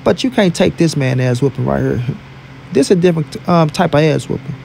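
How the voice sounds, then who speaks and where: Man, high voice, gravelly, emphatic repetitive trash talk, casual boxing vlog commentary. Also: animated, fairly quick, darkish tone, a little hiss or hum. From St. Louis, USA. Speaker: boxing vlogger.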